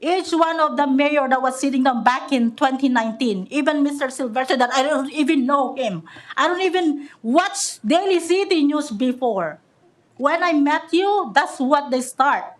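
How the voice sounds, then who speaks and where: At the podium microphone in a council chamber, a high-voiced woman delivers her public comment at a normal speed. She sounds angry and accusatory, stumbling and repeating her words.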